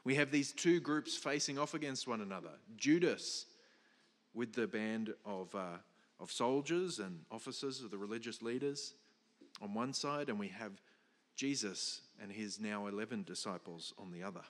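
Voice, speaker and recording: A man's voice: lowish voice, animated, moderate pace, a bit bright, big-room sound. A man preaching a sermon, explaining a passage with emphatic stresses, some restarts and fillers. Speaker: pastor.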